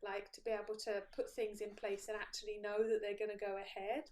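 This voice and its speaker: A woman's voice: mid-range voice, level tone, a little fast, a little mellow. A woman who is a coach hosting a podcast, chatting casually and posing reflective questions. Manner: reflective, poses open questions.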